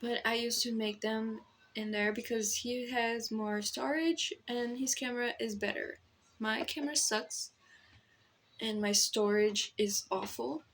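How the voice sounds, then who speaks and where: Slow, halting Brazilian woman vlogging. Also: fairly high pitch, a bit bright, slight background noise. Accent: Brazilian, with American influencer tones. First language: Portuguese. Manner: rambling, self-deprecating, slow and halting. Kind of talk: casual self-talk to camera. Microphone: phone camera.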